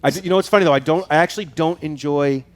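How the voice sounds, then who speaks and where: A man chatting as a guest on a live show, rambling and telling animated stories with frequent laughs. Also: a little high, racing. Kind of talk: casual chat. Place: studio.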